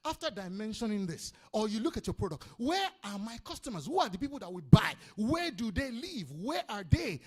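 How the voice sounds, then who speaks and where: Lively high-voiced Nigerian seminar speaker. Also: male voice. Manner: energetic, calls out to the audience, repeats points. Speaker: business speaker. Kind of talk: lively seminar talk to a live audience. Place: conference hall before an audience.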